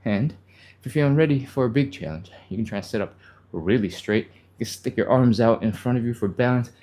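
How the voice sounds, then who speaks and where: A stretching instructor with a mid-range, dark-toned voice talks fairly quickly while leading a live follow-along class. He stays casual and encouraging, reads viewer comments aloud, and gets a little out of breath as he exercises, with breathy exertion sounds and sighs.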